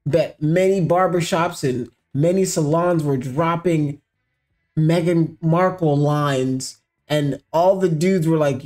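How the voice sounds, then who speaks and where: A man's voice: fairly high pitch, slow, a little mellow. A man hosting a commentary show, mocking and sarcastic, mixing slang with asides, with faint music behind. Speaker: show host.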